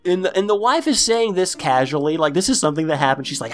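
A man with a lively, bouncing voice runs through a TV episode in casual podcast chat. He acts out the characters as he goes and pitches his voice way up for them. Faint music plays under him. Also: fast, few pauses. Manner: animated storytelling, acts out characters in high voices. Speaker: podcast host recapping a TV episode.

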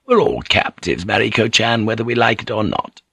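A man's voice: on the low side, moderate pace, vocal fry, husky, no echo, full character voice. A man doing a placid older lady. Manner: calm, placid. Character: placid older Japanese noblewoman.

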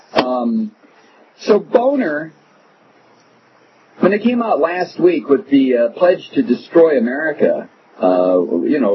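Brief: mocking male radio host, animated delivery, dull lo-fi sound with hiss. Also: medium pitch. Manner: mocking, sarcastic, digressive. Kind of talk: opinionated talk radio monologue. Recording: muffled radio broadcast with noise.

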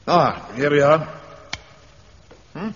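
An actor playing a polite, languid sergeant in a radio comedy who speaks vaguely and hesitantly. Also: male voice, fairly high pitch, takes it slowly, a bit bright. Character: languid, genteel, mild-mannered sergeant. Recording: dull old radio recording.

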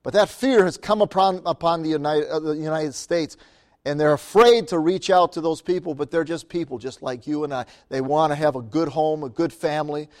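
A man's voice: fairly high pitch, brisk, darkish tone. A man preaching as a missionary, telling stories in a sermon, laughing often and calling out for amens. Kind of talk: sermon storytelling.

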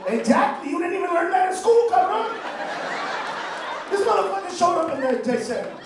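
A male stand-up comedian working a live club crowd, profane and prone to loud shouting rants. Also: very high voice, sing-song, normal speed, vocal fry. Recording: echoey live club, distant mic, crowd noise.

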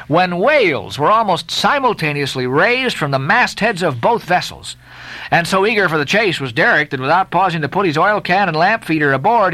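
A man reading a classic novel aloud, expressive with occasional halting fillers. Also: fairly high pitch, no echo. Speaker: narrator. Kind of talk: audiobook narration.

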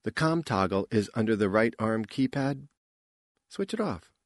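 A man reading an audiobook, voicing a confident young woman spacefarer in a brisk, lifted voice. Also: on the low side, animated, dry recording, clean studio sound, lightly acted.

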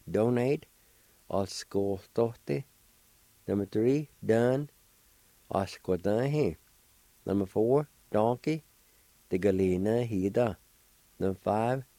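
A man teaching words on air at an unhurried, deliberate pace, spelling each one out letter by letter. His voice is low and mellow, recorded dry and close with no room sound around it. He speaks patiently and encourages his listeners. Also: no echo. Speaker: language radio show host. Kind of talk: slow spelling and pronunciation lesson.

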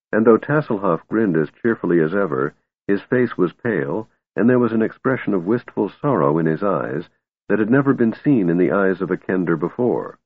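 A man narrating an audiobook in a steady, measured reading voice, on a tinny narrow-band recording. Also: low-pitched, no echo.

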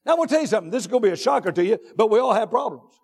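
A man preaching a sermon from the pulpit, emphatic, drawn out and repetitive, rising to shouts on his key points. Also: high voice, lively intonation, slightly rough. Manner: drawn-out deliberate phrasing with repetitions. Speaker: pastor. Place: church sanctuary. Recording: long reverb of a large church hall.

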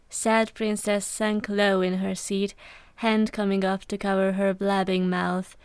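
A woman reading a fan story aloud in a steady, even narration. Her voice is smooth and clear, recorded dry and close to the mic. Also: mid-range voice, measured pace, dry recording. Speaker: podfic reader. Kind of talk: scripted narration.

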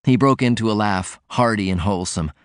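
A man narrating an audiobook in a measured, steady reading voice. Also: fairly low pitch, clean tone, no room sound, clean studio sound.

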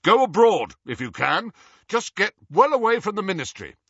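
A man's voice: high-pitched, very animated, moderate pace, fairly bright tone, breathy edge, dry recording, muffled recording, voice pushed up, full character voice. A man voicing a young wizard who gives orders in a commanding, urgent way. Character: young wizard posing as an imposing official.

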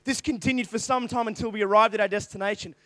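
A man's voice: high-pitched, steady tone, fast talker, bright, forceful tone, dry recording. An Australian man telling a funny, self-mocking story in a youth sermon, talking animatedly and calling out to the crowd. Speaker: youth preacher.

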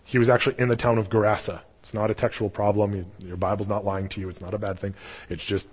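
Husky pastor in a reverberant hall. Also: male voice, on the low side, fast. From Canada. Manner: casual, animated storytelling. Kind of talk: sermon.

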